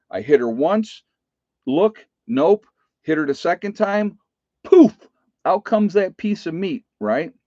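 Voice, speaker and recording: A man's voice: fairly high pitch, a little mellow, no echo, dull audio. A middle-aged man who works as a nurse, chatting casually to viewers about preparedness, stressing points and checking in with "okay?" and "folks". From United States. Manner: emphatic, repeats "okay?" and "folks". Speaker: nurse giving preparedness advice.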